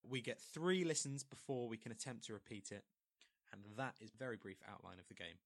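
A man's voice: mid-range voice, animated, brisk, dry recording. A man co-hosting a casual podcast game, explaining rules and teasing playfully. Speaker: podcast co-host. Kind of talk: casual game show chat.

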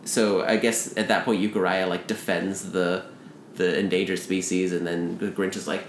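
A man in casual chat who rambles through a story pitch and acts out the characters' lines in quick asides. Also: level tone, echoey room, a little hiss or hum.

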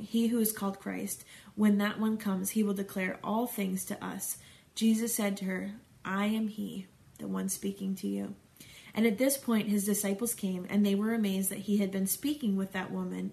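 A woman's voice: mid-range voice, creaky, a little mellow. A middle-aged woman reading scripture aloud and stopping for chatty, conversational commentary as a Bible study teacher.

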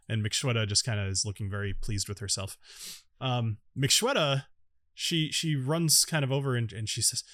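A man narrating as game master for a tabletop game, in a casual, halting way with many fillers. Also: mid-range voice, fairly bright tone, no echo, clean studio sound.

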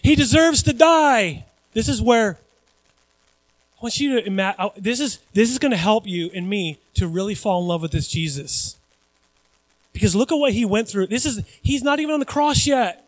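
A man with a notably high voice delivers an animated sermon, chatting with his listeners as he goes. The sound is close and dry, with no room echo. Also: normal speed. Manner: animated, conversational preaching with asides to the congregation. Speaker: pastor.

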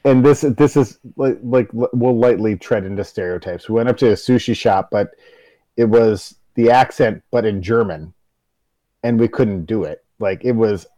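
A man's voice: lowish voice, moderate pace, mellow, no room sound, poor audio. A man co-hosting a sports podcast, talking casually and often stumbling and restarting his sentences. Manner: rambling, stammers and restarts. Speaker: podcast co-host.

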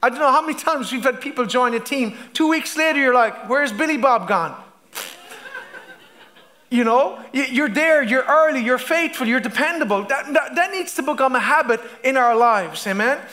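A man's voice: very high-pitched, brisk, few pauses, sharp tone. A man preaching a sermon as pastor, stumbling over restarts and asking the congregation "amen?" as he reads scripture.

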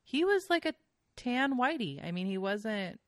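A woman's voice: on the high side, very animated, unhurried, no room sound, studio quality. A young adult woman, a podcast guest, telling casual stories full of fillers and swearing. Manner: chatty storyteller with frequent fillers and swearing. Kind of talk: casual chat.

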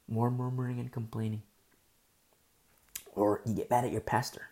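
Teaching a Bible study sermon in a casual, talk-it-through manner, a middle-aged woman speaks in a bass voice at a moderate pace, pausing often. Key phrases come up again and again, and she stammers in moments of excitement.

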